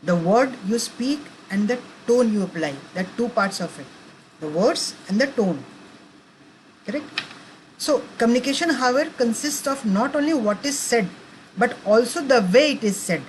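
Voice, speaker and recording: A fairly high-pitched woman lectures parents in an unhurried, patient way. She keeps rephrasing her points and checking in with her listeners. A faint hum of room ambience sits behind her. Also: rough recording. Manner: keeps asking the audience to confirm. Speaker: parenting educator. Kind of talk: talk to parents.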